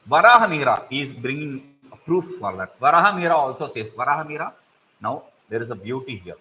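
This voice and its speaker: A middle-aged man telling and explaining a fable, with lively digressions. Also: medium pitch, a little fast, slight background noise, poor audio. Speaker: storyteller and teacher.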